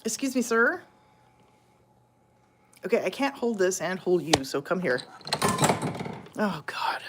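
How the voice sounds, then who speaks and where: A woman's voice: medium pitch, big pitch swings, measured pace, noisy background. A woman vlogging casually at home, chatting with viewers and talking to her cats. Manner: chatty, talks to her cats, many fillers. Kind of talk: casual chat to camera and viewers.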